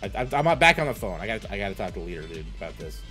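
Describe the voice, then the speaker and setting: A man with a lowish voice plays his character in a tabletop game, cursing freely and stumbling over repeated words. Faint music plays behind him. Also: sing-song, very fast. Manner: swears a lot, stammers and repeats himself. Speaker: player. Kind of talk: in-character role-play, casual.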